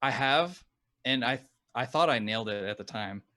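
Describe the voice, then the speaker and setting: An American man speaking as a guest in a relaxed chat. He is soft-spoken and hesitant, often trailing off. His voice is mid-pitched, and the sound is dry and close. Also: moderate pace, no echo. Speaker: guest photographer. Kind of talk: casual conversation.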